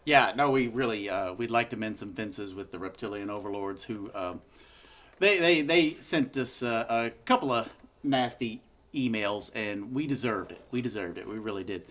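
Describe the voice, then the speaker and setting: A man co-hosting a comedy show, joking in a sheepish, deadpan way. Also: on the low side, moderate pace. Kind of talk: comedic banter.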